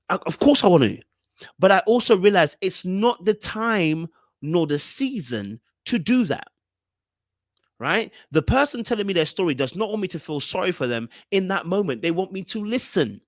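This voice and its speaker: A man's voice: on the high side, expressive, moderate pace, fairly bright tone, no room sound, studio quality. A young man hosting a podcast, giving an emphatic casual monologue and often checking in with his listeners. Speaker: podcast host reviewing a reality show.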